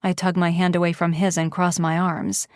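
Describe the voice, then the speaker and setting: A woman narrating a first-person romance audiobook in an expressive, intimate way. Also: lowish voice, normal speed, no room sound, clean studio sound.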